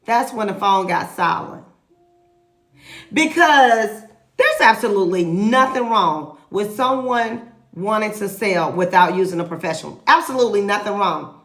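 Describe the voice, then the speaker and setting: Animated woman realtor, echoey room. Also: mid-range voice, unhurried. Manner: animated, lively retelling with emphatic repeats. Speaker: real estate agent. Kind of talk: casual storytelling to camera.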